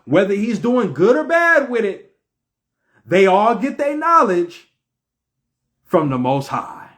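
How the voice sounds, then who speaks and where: Guy preaching to his viewers, voice swings all over, slow and drawn out, asks lots of questions. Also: sits high. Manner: animated, preachy, rhetorical questions. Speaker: video host. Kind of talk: casual spiritual talk to viewers.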